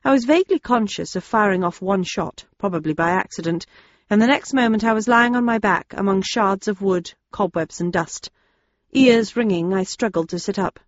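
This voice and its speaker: A woman narrating a first-person audiobook in a steady, understated way. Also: mid-range voice, moderate pace, dry recording, muffled recording.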